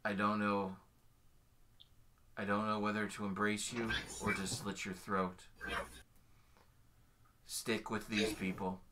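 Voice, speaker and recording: A man's voice: on the low side, flat delivery, takes it slowly, pauses often, noisy background. A man voicing a fierce woman warrior who is torn between anger and kinship and gives curt, commanding orders.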